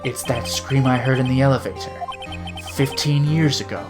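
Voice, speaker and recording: A man's voice: mid-range voice, moderate pace, music in the background. A male streamer making amused, offhand comments while playing a game. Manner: amused, offhand remarks between read lines.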